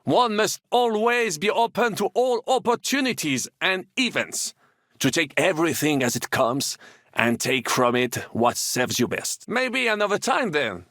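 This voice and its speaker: An actor playing a flamboyant, optimistic French knight in a video game, with a French accent and a theatrical, boastful way of talking. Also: male voice, sits high, expressive, measured pace, fairly bright tone, dry recording, clean studio sound.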